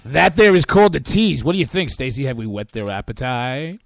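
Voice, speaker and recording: A man co-hosting a radio talk show in a joking, playful way, hoarse from allergies. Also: mid-range voice, fairly quick, dry recording, faint music behind. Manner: joking, playful, calls listeners "baby" and "folks". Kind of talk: casual radio banter. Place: studio in northeastern New York.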